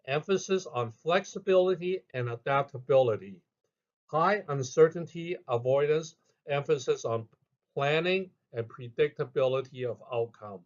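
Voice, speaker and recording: A man narrating a scripted lesson in a measured way, reading out each heading with emphasis. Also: a little high, darkish tone, highs cut off. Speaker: instructor.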